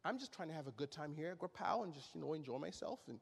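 A preacher putting on a low, mumbling voice for a timid male churchgoer, hesitant and full of fillers. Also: animated, fast, vocal fry, breathy edge, in a large hall, heavily acted. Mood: sheepish.

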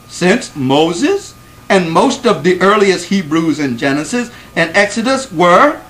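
Male lecturer, higher voice, emphatic, asks the room questions, repeats for stress. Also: big pitch swings, unhurried, a bit bright, rough recording. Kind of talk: classroom lecture to a live audience.

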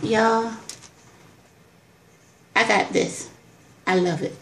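A woman vlogger telling an excited personal story, exclaiming, repeating herself and calling her viewers y'all. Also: a little high, drawn-out words, reverberant, a little hiss or hum.

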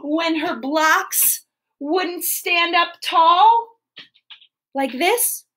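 A woman children's entertainer telling a story to preschoolers in an animated, sing-song way and asking the kids questions. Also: very high voice, drawn-out words. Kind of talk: preschool storytelling live stream.

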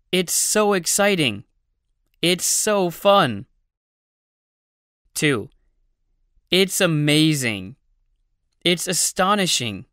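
A narrator of a language course reading numbered practice phrases in a slow, deliberate scripted drill, close to a studio mic. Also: mid-range voice, fairly bright tone, dry recording.

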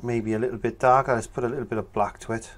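A man's voice: mid-range voice, fairly even intonation, fast talker. A man teaching a painting tutorial, chatting casually and thinking aloud as he works. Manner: chatty, thinks aloud with fillers while working. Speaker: painting instructor.

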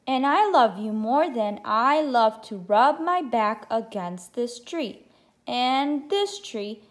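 A woman voicing a gentle, loving mother bear in a children's storybook, speaking tenderly. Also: a little high, lively intonation, slow pace.

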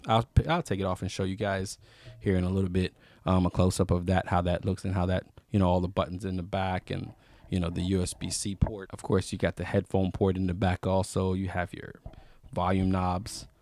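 A man's voice: low voice, little pitch movement, brisk, darkish tone, no echo. A man casually reviewing microphones on camera, rambling with fillers and restarts. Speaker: YouTube gear reviewer. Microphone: close studio microphone.

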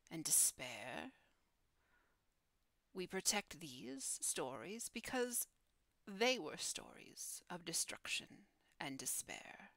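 A woman voicing a solemn female dragon guardian in a hushed, breathy whispered role-play. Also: sits low, no echo, exaggerated voice.

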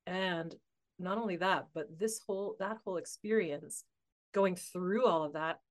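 A woman telling a personal story as a podcast guest, animated and laughing often as she talks. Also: on the low side. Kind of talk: casual conversational storytelling.

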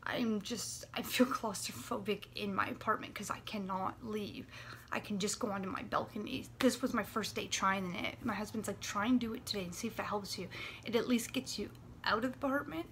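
A woman in her late twenties, talking in a personal vlog, anxious and near tears, with a dry throat, halting and often dropping to a whisper. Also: medium pitch, fairly bright tone, slight background noise. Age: 20s. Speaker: vlogger. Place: warm apartment room.

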